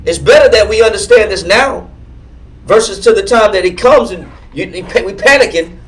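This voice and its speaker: A man with an animated, high-sitting voice teaches a Bible class at a moderate pace, fervent and repetitive, quizzing his readers as he goes through scripture emphatically. He's recorded from far off in a roomy classroom with slight background noise.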